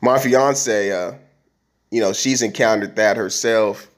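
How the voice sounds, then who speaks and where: A man with a lowish voice hosts a podcast alone, speaking slowly in a casual, rambling monologue. He's conversational and keeps restarting his sentences, with many fillers.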